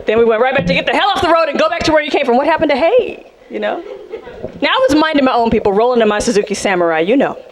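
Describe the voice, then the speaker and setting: Sassy high-voiced woman doing live stand-up. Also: very fast, crowd noise. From South Central Los Angeles. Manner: sassy, animated, jumps into character voices. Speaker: stand-up comedian. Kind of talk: stand-up comedy set. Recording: live club set with loud audience laughter. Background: audience laughing.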